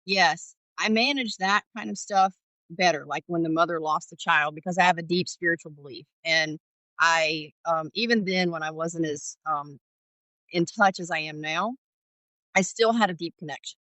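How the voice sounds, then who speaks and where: A middle-aged guest on a podcast, from Georgia, USA, draws on her past as an ER paramedic to tell candid stories in a storytelling interview, performing the dialogue with animation. Her lowish, fairly bright voice moves at normal speed. It's a dry, rough recording.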